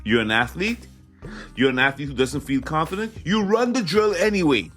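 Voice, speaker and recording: A man hosting a motivational talk, emphatic and animated, repeating his key phrases for the listener. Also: a little high, normal speed, faint music behind. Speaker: podcast host.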